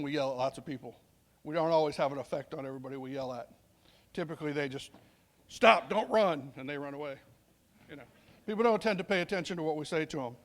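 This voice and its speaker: A middle-aged man with a fairly high voice speaks to a veterans summit as a police sergeant. His talk is conversational, and he acts out snatches of dialogue as he tells his story. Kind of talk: storytelling speech.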